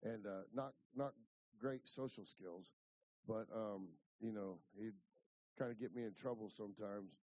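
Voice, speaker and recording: A man's voice: on the low side, unhurried, darkish tone, dry recording, rough recording. A man in his fifties from Ohio, preaching a folksy, rambling storytelling sermon full of restarts. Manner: rambling, repeats words and restarts.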